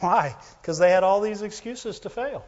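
A man preaching a sermon to his church, talking conversationally, calling for amens, and swinging between loud emphasis and quiet low asides. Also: moderate pace. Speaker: pastor. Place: church hall. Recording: muffled lo-fi recording in a reverberant hall.

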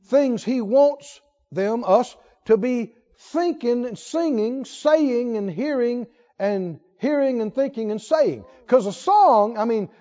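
High-voiced preacher man taking his time, drawn-out sermon, muffled sound with a long church echo. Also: animated, dark tone. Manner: slow, drawn-out preaching with sung phrases and call-and-response. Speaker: pastor.

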